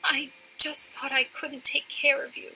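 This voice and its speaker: A woman's voice: high-pitched, level tone, a little slow, pushed and bright, a little hiss or hum, full character voice, rough recording. A woman voicing a guilt-ridden mother who speaks tearfully and breathily in a storytime animation.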